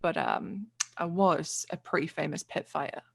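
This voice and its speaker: A woman voicing a gruff male former pit fighter in a tabletop game, blunt and offhand. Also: low-pitched, big pitch swings, moderate pace, heavily acted.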